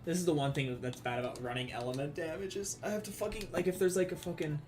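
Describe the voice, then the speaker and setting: Fast-talking and a little high-pitched, this Southern-accented man from the American South streams a game while chatting casually. He rambles, laughs, and curses plenty.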